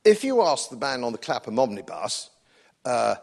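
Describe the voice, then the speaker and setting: A man with an English accent addresses a public event audience in a very animated, gravelly, slightly mellow mid-range voice at normal speed. His political speech is combative and sardonic, driving points in through repeated phrases.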